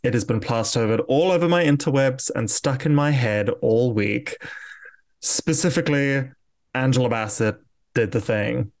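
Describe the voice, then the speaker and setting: A man co-hosting a podcast, telling stories in a campy, animated way and acting out quotes. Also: mid-range voice, normal speed. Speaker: podcast co-host. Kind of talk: casual chat.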